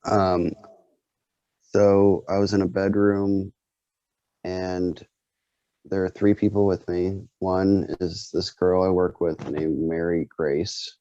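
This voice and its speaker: A man with a very deep voice tells a story slowly and loosely, with plenty of fillers. The video call audio is dry and dull, with no room sound. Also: level tone, dark tone, no echo. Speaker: group member telling a dream. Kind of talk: casual spoken recounting.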